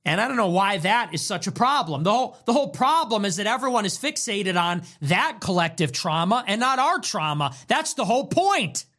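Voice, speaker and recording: A talk show host in a heated monologue, talking in an animated, profane and emphatic way and repeating phrases for emphasis. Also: mid-range voice, brisk, few pauses.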